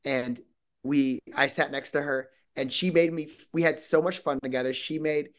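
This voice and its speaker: A man's voice: on the high side, fairly even intonation, moderate pace. A man from Minnesota, a guest actor talking casually in an interview, rambling with many restarts and quoted asides.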